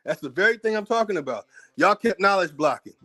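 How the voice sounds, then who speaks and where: A man's voice: high-pitched, animated, fast, a bit bright. An American man hosting his own channel, delivering a heated, profane commentary rant, combative and repeating words as he gets worked up. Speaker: channel host.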